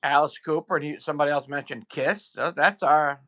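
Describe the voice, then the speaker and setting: A man co-hosting a casual live stream, tossing in short wry comments, with a gravelly voice. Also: a little high, fairly even intonation, brisk, lo-fi sound. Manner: brief wry interjections. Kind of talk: casual chat.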